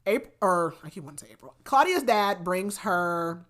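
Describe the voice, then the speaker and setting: Female podcast host, lower voice, casual rambling book recap. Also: expressive, moderate pace, fairly bright tone. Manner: chatty, many fillers and restarts.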